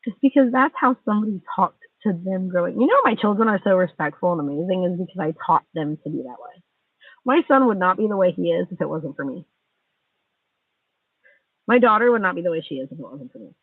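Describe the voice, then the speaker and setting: Woman, 40s, livestream rant, bitter and sarcastic, gravelly voice, dry thin phone sound. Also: fairly low pitch, expressive, fairly quick, no room sound. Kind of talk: angry venting monologue. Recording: tinny distant phone mic.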